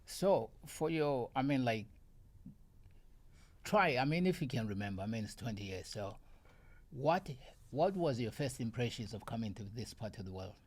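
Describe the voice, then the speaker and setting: A man's voice: mid-range voice, expressive, moderate pace, a little mellow. A man co-hosting a podcast interview, asking hesitant, searching questions.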